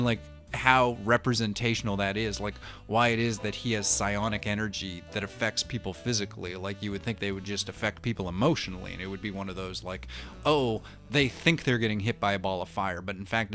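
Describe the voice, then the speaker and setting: Male host, thirties, low-pitched, profane and rambling, casual monologue over faint music. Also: fairly bright tone. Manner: rambling, heavy swearing, self-interrupting. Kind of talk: casual comic-book monologue.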